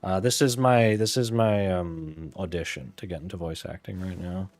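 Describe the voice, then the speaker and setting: A man's voice: low voice, fairly even intonation, normal speed, darkish tone, faint music behind. A man, casually chatting while playing a video game, rambling and self-deprecating with mumbled asides. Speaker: gaming channel host. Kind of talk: casual gameplay commentary. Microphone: desk mic with webcam.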